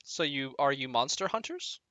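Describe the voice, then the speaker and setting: A man voicing a shy, innocent little girl who asks hesitant, halting questions. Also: medium pitch, expressive, sharp tone, no echo. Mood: curious.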